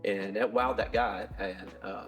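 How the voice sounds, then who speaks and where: A man's voice: on the low side, fairly even intonation, a little slow, vocal fry, faint music behind. A middle-aged man, a bike shop owner, answering interview questions in a rambling way, full of restarts and fillers.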